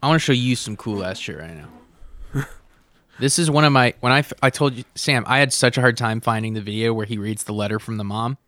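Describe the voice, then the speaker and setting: A man hosting a podcast, chatting casually with excited, profane, laughing banter. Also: medium pitch, fairly quick, dry recording. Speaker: podcast host. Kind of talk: casual chat.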